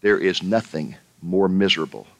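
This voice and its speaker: A man's voice: deep voice, expressive, moderate pace, vocal fry, fairly bright tone, no room sound. A male pastor preaching a sermon, pressing the listeners with emphatic rhetorical questions and rising sharply when he addresses them directly.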